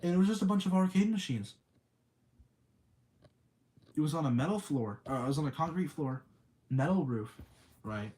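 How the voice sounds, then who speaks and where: A man's voice: fairly high pitch, animated, moderate pace, pauses often, darkish tone. A young man rambling through a casual spooky story on a livestream, reading chat aloud between thoughts. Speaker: streamer.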